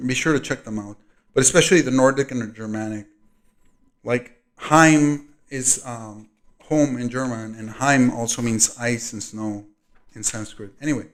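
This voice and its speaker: A man hosting a video, reading a diary aloud and adding rambling commentary with many fillers, frequent throat clearing, and loudness that rises and falls. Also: mid-range voice, moderate pace. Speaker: video host.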